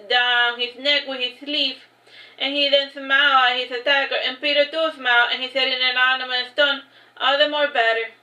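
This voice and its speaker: A woman's voice: high voice, sharp tone. A woman reading her own story aloud, stumbling and restarting lines as she goes. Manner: unpolished reading with frequent restarts and fillers. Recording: echoey, dull lo-fi livestream audio.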